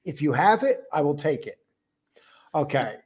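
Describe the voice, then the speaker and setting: A man hosts a live stream in an easygoing, chatty tone. He greets viewers by name one after another. His voice sits a little high for a man. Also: sing-song, normal speed, breathy edge. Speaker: host of a live stream show. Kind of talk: casual live-stream chat.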